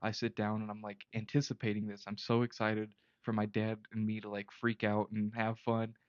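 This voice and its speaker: A man's voice: lowish voice, monotone, normal speed, smooth, dry recording, lo-fi sound. A young man co-hosting a podcast, telling a long story in casual chat with many restarts and fillers. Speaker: podcast co-host.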